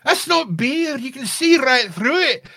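A man voicing a boisterous Renaissance festival performer who teases people about their beer, in a loud, high, mocking put-on voice. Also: steady tone, normal speed. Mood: teasing.

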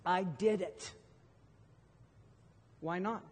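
A middle-aged male pastor preaches a sermon, telling stories with emphatic swells and sudden loud bursts. His voice sits high for a man. It rings out with a long reverb tail across a large hall. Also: drawn-out words, breathy edge.

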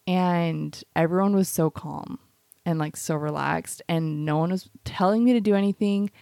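A woman on a podcast mic with a low, gravelly voice, telling a long story in a loose, rambling way. She leans on "like" every few words. The recording is dry and close, with no room sound. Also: normal speed, warm tone, dry recording. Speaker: podcast co-host. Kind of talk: casual podcast chat.

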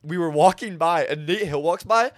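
A man's voice: a little high, moderate pace. Chill young guy rambling on a podcast, lots of slang. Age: young adult. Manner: laid-back, slangy, rambling storyteller. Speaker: podcast co-host. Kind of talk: casual chat.

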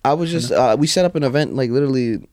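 A man's voice: medium pitch, fast talker, darkish tone, no room sound, clean studio sound. A young man in casual chat, telling loose, profane stories full of slang.

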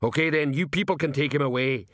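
A man reading an audiobook voices a slow-witted male troll watchman who talks bluntly in rough, broken grammar. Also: fairly bright tone, no echo, clean studio sound, natural voice. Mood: deliberate. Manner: slow, rumbling, ungrammatical speech.

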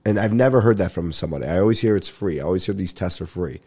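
A man's voice: low-pitched, very fast, darkish tone, slightly rough. A young man hosting a comedy podcast, rambling through stories with lots of swearing and laughter, sounding congested as he gets over a sinus infection. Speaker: podcast host. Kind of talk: casual comedic storytelling.

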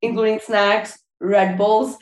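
A woman speaks as a wedding planner, answering interview questions casually. She starts over often, fills pauses with "uh" and "like", and her mid-pitched voice sits in an echoey room. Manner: relaxed, frequent fillers and restarts.

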